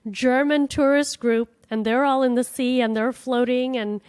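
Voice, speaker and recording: A woman from the United States hosting a podcast, telling a travel story in a chatty, animated way with casual swearing. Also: high-pitched, moderate pace, clear, resonant tone, no room sound. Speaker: podcast host.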